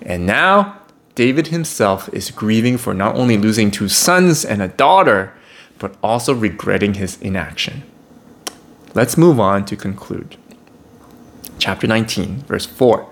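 A man teaches a Bible lesson. He reads scripture aloud and breaks in with wry, casual commentary. His pitch is lively and animated, rising and falling as he reacts to the story. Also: unhurried. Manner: animated, wry, conversational asides.

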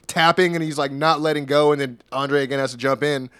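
A man's voice: on the high side, steady tone, fairly quick, fairly bright tone, smooth, no echo. A man hosting a podcast, animatedly recapping events in a casual, slangy way and laughing often. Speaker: podcast host. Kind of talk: casual wrestling recap chat.

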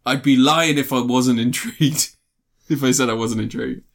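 A man's voice: medium pitch, normal speed, gravelly. Sweary man chatting on a podcast. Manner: sweary, animated, laughs a lot. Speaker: podcast co-host. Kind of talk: casual film review chat.

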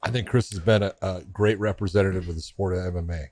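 A man with a somewhat low voice hosts a podcast and weighs in with measured, plain-spoken commentary. His voice is close to the mic with a dry sound and no room echo. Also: fairly even intonation, a little mellow. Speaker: podcast host. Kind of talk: casual chat.

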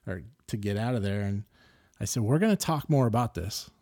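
A middle-aged man hosting a podcast, telling a story casually and getting animated and louder as he gets worked up. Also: on the low side, brisk, dry recording, clean studio sound. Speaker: podcast host.

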